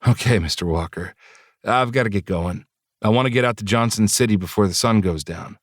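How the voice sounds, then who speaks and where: A man's voice: fairly low pitch, a little fast, no echo, clean studio sound, lightly acted. A man voicing an earnest, modest eighteen-year-old male student in an audiobook.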